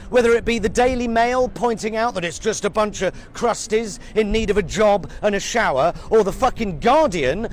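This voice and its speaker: A man's voice: high-pitched, slight background noise. A middle-aged British man ranting sarcastically as a satirical news reporter, swearing freely and sounding exasperated, outdoors at a street protest. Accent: British English. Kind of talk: scripted satirical rant to camera.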